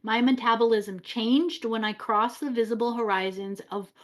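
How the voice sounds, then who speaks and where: A woman reading aloud as a mocking, otherworldly boy king, in a slow, measured voice. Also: on the high side, steady tone, a bit bright, lightly acted. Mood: grandiose. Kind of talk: dramatic story reading.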